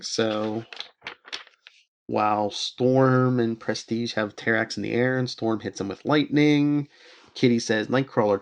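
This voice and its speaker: A man co-hosting a podcast, casually recapping comic book plots and reading the characters' lines aloud with the odd laugh. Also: mid-range voice. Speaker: podcast co-host.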